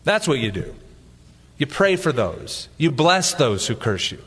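A man preaching a sermon as a pastor, animated and joking, acting out little asides. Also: medium pitch, unhurried, breathy edge, big-room sound.

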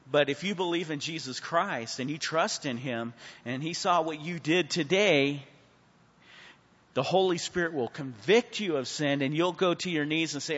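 A man's voice: fairly high pitch, moderate pace, husky. Man preaching in an echoey hall. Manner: preaching with sudden swings from hushed to loud; asks the class questions and calls on people. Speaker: Bible class teacher. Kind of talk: Bible study sermon. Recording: muffled sound with a long hall reverb.

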